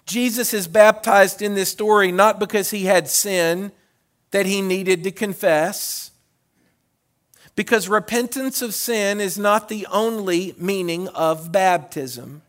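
A man preaching a sermon as a pastor, shifting between loud hollering and hushed tones and often repeating words as he restarts phrases. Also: sits high, takes it slowly.

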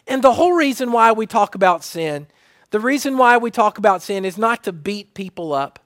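A middle-aged pastor delivers a sermon in a fairly high voice, hammering home his points through repetition. The sound is dry and close, with no room echo. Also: expressive, normal speed, fairly bright tone. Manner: repetitive preaching cadence, restarts.

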